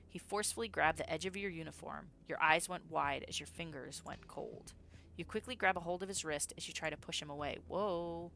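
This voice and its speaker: A woman streamer reading a story game aloud, breaking off into excitable, swearing reactions. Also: sits low, a little fast, gravelly, a little hiss or hum.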